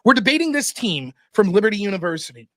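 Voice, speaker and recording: A young man telling a story on his stream in a profane, animated way, as the host of the show. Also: high-pitched, fast talker.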